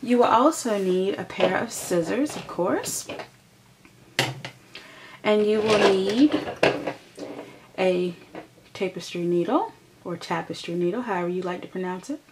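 A woman's voice: mid-range voice, background noise. A woman hosting a crochet tutorial, patiently explaining each step and counting stitches aloud as she works.

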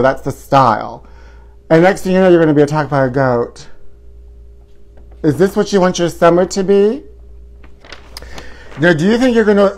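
A man hosting a campy live tabloid chat show, flamboyant and exclamatory, hamming it up as a mock-country cowboy host. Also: a little high.

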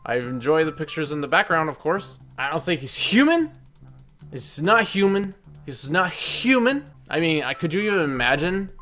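A man hosting a let's play, joking and breaking into loud excited outbursts as he plays. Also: on the high side, moderate pace, faint music behind. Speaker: gaming video host.

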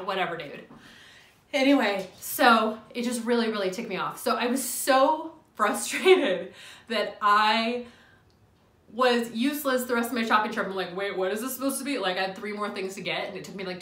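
A young woman telling an animated, exasperated storytime rant at home, swearing and laughing as she goes. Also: mid-range voice, reverberant. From US Midwest. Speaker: vlogger.

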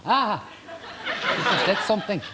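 A man's voice: high voice, very animated, a little slow, heavy background noise. A man hosting a comedy sketch show in a female persona, with brassy camp patter. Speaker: drag comedy host. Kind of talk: comic sketch with studio audience.

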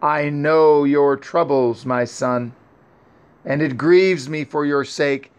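A man's voice: on the high side, clear, resonant tone. A man reading aloud and voicing a dead mother who speaks tenderly and mournfully from beneath a grave. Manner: tender, mournful, slow and pleading.

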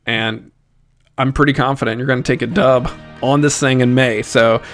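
A male teacher with a Southern US accent giving a lively, joking exam review lesson and talking straight to his students. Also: medium pitch, normal speed, soft background music.

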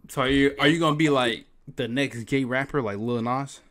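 A man's voice: medium pitch, steady tone, moderate pace, a bit bright. A man in his twenties hosting a video chat prank, teasing strangers with profane, joking banter. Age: 20s. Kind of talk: casual chat.

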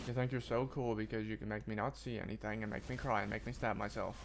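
Fast and gravelly, with a fairly low pitch and fairly even intonation, a man streams a video game, cursing often and breaking into frustrated outbursts and self-mockery. He mutters between loud yelps, and a little hiss or hum is audible.

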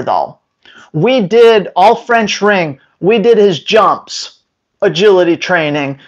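A man's voice: sits high, lo-fi sound. A man giving dog training advice straight to his viewers in an emphatic way, now and then acting out owners and dogs. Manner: emphatic, acts out owners and dogs in quick voices. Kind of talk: direct-to-camera training advice.

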